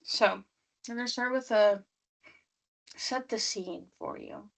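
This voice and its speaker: A woman's voice: mid-range voice, slow, gravelly. A woman hosting a casual true-crime podcast, leading the story and quizzing her co-host.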